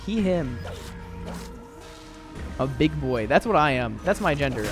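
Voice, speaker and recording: Young male streamer, loose and chatty with plenty of fillers; voice a bit high, soft music under it. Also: animated, a little slow. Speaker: game streamer. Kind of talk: casual live-stream chat.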